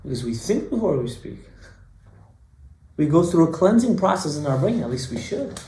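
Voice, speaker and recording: A male rabbi giving a sermon, telling a story and swinging between hushed lines and emphatic ones. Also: fairly high pitch, very animated, moderate pace, a little hiss or hum. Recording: echoey room.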